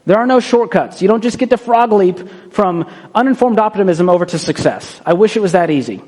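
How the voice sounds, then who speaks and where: A man's voice: high-pitched, lively intonation, brisk, darkish tone. A man giving a motivational talk in a punchy, conversational way, often tossing in a rhetorical "right?". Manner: acts out quoted voices for effect. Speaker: motivational speaker.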